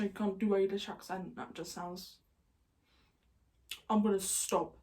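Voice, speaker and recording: A woman's voice: mid-range voice, lively intonation, moderate pace, creaky, a little mellow. A young woman with an English accent chatting casually to camera in a vlog. She rambles and keeps going off on tangents. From England. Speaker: YouTuber.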